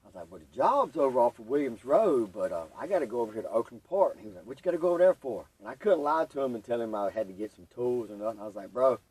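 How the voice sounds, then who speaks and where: A man's voice: mid-range voice, fast talker, hardly any pauses, slightly rough, distant mic, rough recording. A young man, telling his recovery story as a podcast guest and acting out what others said. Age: young adult. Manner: animated storytelling, acts out quoted voices.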